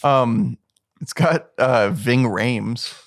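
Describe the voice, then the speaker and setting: A man's voice: medium pitch, extremely slow, no room sound, clean studio sound. A man co-hosting a casual podcast, dropping wry, joking asides. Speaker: podcast co-host. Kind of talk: casual chat.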